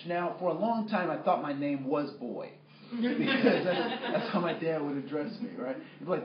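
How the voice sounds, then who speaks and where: Male workshop trainer, conversational, voice a bit high; echoey, dull room recording. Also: animated, normal speed, slight background noise. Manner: conversational, many fillers, asks the room questions. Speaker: workplace trainer. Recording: echoey room, muffled sound.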